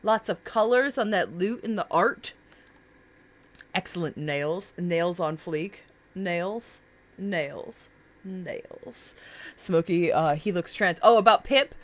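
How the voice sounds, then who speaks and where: A woman's voice: lowish voice, expressive, unhurried. Bubbly woman streamer gushing over characters. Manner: bubbly, gushing, filler-heavy. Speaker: streamer reviewing viewers' characters. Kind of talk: casual live-stream chat.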